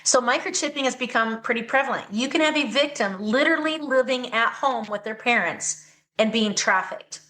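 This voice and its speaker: A woman's voice: on the high side, normal speed, bright, forceful tone. A woman guest on a podcast interview, speaking earnestly and with conviction about her advocacy work. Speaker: guest, anti-trafficking advocate.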